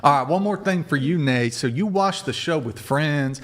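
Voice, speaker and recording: A man's voice: a little high, lively intonation, normal speed. A man with a Southern American accent hosting a live-streamed debate show, talking bluntly and swearing often. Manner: crude, swears a lot, blunt. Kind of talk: casual live-stream chat.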